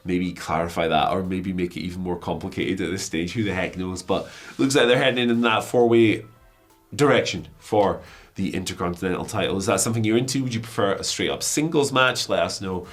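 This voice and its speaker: A hoarse man with a flu, hosting wrestling news in a chatty, self-mocking way with many fillers. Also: low-pitched, a little fast, faint music behind. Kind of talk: casual news commentary.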